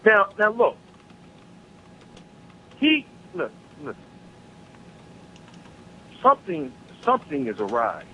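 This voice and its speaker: Fired-up caller on a tinny phone line. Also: male voice, a little high, wildly swooping pitch, slow pace, long pauses, pushed and bright, slight background noise. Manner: profane, heated, ranting. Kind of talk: angry political rant on a call-in show. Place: South Carolina.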